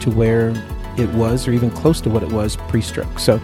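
A man's voice: medium pitch, little pitch movement, moderate pace, over music. Rambling man hosting a health talk show. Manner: rambling, many "you know" fillers.

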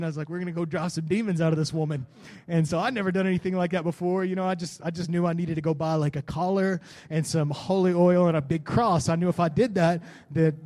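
A man's voice: on the high side, a little mellow. A man, a pastor preaching a sermon, telling a personal story in a casual, conversational way and building to fervent declarations.

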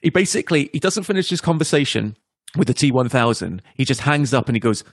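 A man co-hosting a casual film podcast, animated and laughing as he recounts favorite scenes. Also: medium pitch, quick pace, no room sound, clean studio sound. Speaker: podcast co-host.

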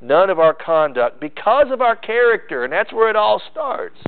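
A man's voice: high voice, sing-song, moderate pace. A man preaching a sermon as the church's pastor, emphatic, repeating phrases to drive each point home. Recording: tinny phone-like sound.

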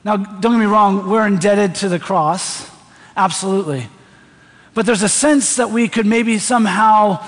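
High-voiced preacher in a reverberant hall. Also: male voice. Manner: conversational, asks the congregation questions. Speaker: pastor. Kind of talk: sermon.

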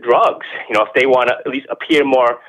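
Fast-talking, emphatic man guest. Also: mid-range voice, fairly even intonation, fairly bright tone, poor audio. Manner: fast, emphatic, repeats words, rhetorical questions. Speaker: interview guest. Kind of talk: animated opinionated explanation. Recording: radio-show audio.

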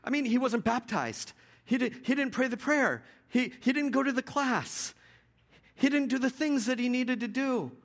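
A man's voice: very high-pitched, lively intonation, moderate pace, pitched above the performer's own voice. A man doing a stammering, flustered churchgoer. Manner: stammering, anxious objection.

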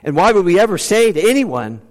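A pastor preaching a conversational sermon, reading scripture aloud and dropping in humor, with quick bursts and slowed-down emphasis. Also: male voice, sits high, very animated. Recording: long reverb of a large hall.

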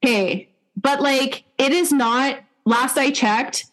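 A young adult woman, a dog trainer, telling stories in casual podcast chat, animated, swearing freely and using lots of fillers. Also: sits high, slow pace.

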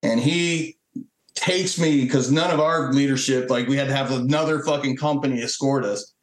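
A man's voice: mid-range voice, moderate pace. A man telling stories casually as a veteran guest, swearing often and acting out quotes. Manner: profane and animated, acting out quotes. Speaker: Marine Corps veteran guest. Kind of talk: casual storytelling. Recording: echoey room.

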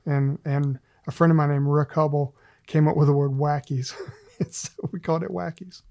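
A middle-aged man with a gravelly, creaky voice, pitched a little higher than most men but kept flat and level. He talks as a guest in a relaxed faith chat and tells stories against himself, laughing as he goes. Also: normal speed. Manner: self-deprecating, laughs often while telling stories. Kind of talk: casual faith conversation.

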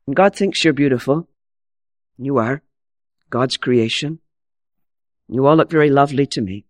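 A man preaching a sermon in an earnest, dramatic way, dropping to soft low asides and rising for quoted voices.

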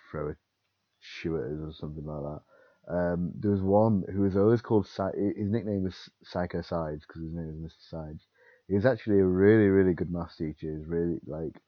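Deep-voiced man telling stories. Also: dry recording, lo-fi sound. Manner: animated storyteller, acting out quotes, laughing. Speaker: podcast co-host. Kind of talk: casual chat.

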